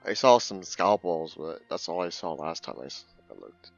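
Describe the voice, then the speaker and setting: A man's voice: sits low, normal speed, dry recording, soft background music. A man playing a tabletop game, asking questions in a hesitant, casual way. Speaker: player. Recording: dull lo-fi mic.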